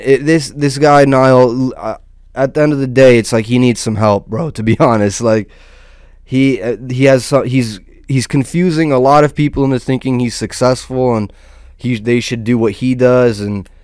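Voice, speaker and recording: A man's voice: medium pitch, darkish tone, clear, resonant tone, no echo, clean studio sound. Rambling, profane man giving loose commentary. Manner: rambling, loose, with frequent restarts and "dude". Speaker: host of a small online channel.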